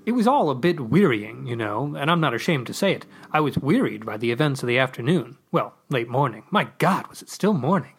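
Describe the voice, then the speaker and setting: A man's voice: mid-range voice, very animated, fairly quick, vocal fry, few pauses, breathy edge. A man hosting a podcast, reading a comic story aloud in a theatrical, pompous first-person voice.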